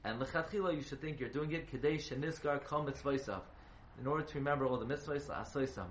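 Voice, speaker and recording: A man's voice: medium pitch, quick pace. Man teaching a class in an echoey room. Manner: quizzes the class, spells words letter by letter. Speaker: Torah teacher. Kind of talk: halacha class lecture. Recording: echoey room, faint hiss.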